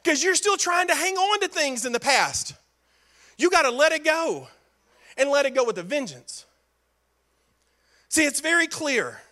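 High-voiced, bright preaching man. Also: very animated, a little slow, long pauses. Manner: emphatic, repetitive preaching with playful asides. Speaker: pastor. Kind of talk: sermon.

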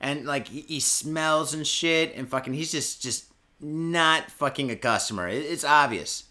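A man hosting a podcast, telling a story in a loose, profane way, swearing constantly and shouting out quoted lines. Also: fairly high pitch, a little slow. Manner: profane, peppers speech with "and shit" and "fucking". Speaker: podcast host.

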